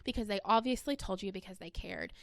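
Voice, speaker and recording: A woman presenting an instructional webinar in an even, scripted narration. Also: medium pitch, fairly quick, creaky, no room sound.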